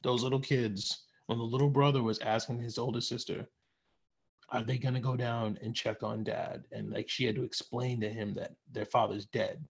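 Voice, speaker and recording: Male co-host, gravelly and husky, excitable casual talker. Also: mid-range voice, normal speed. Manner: excitable, swears, acts out quotes. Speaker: podcast co-host. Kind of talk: casual review chat.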